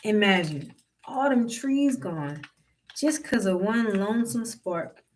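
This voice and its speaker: A narrator voicing a sly, calm old male farmhand who delivers bad news in a drawling, sheepish way, speaking slowly. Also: mid-range voice, far from the mic, voice pushed up. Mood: deadpan.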